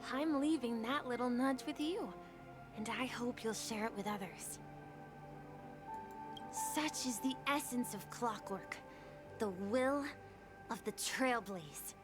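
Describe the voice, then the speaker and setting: A woman voicing a gentle, wise young boy in a video game, speaking softly and reassuringly. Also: fairly high pitch, slow pace, pauses often. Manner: soft, reassuring, encouraging. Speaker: game character. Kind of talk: game voice acting. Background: music.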